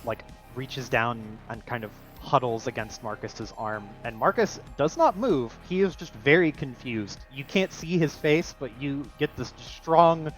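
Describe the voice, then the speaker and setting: A man narrating a tabletop role-playing game as game master, in a casual style full of fillers. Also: mid-range voice.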